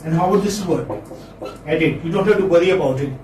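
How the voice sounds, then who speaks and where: A man's voice: on the high side, fast talker, a little mellow. A man teaching English phonetics in a classroom lecture, saying words again and again and quizzing his students. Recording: echoey classroom, distant mic, faint noise.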